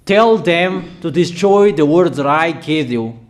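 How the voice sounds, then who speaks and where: A man's voice: on the high side, animated, a little slow. A man preaching a sermon of prophetic declarations, emphatic and repetitive in a declamatory way.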